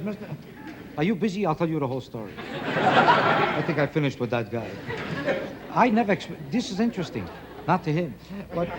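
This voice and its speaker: A man with a New York Jewish accent doing a stand-up routine, firing off rhetorical questions in a sing-song delivery. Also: high voice. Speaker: stand-up comedian. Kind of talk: stand-up routine to a studio audience. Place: TV studio stage with live audience. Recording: old TV broadcast, loud crowd laughter and noise.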